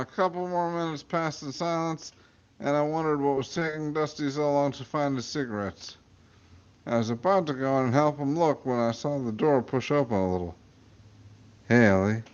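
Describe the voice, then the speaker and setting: A man's voice: on the high side, normal speed, clear, resonant tone, lo-fi sound. A man, a podcast host, reading a comic story aloud and tripping over words. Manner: stumbling, self-correcting reading.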